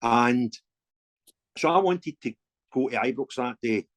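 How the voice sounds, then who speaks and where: Scottish male fan campaigner, chatty storyteller, animated delivery. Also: medium pitch, a little slow. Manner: animated anecdotes with voiced dialogue and laughs. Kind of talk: casual storytelling interview.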